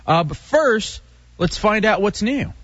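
A man's voice: high voice, animated, takes it slowly, very noisy. A man hosting a rowdy radio talk show, joking and teasing his co-host and staff. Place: radio studio. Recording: dull lo-fi radio broadcast.

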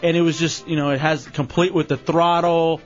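A man hosting a radio show in casual, animated banter, quick to tease and laugh. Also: on the high side. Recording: dull lo-fi radio recording with faint music.

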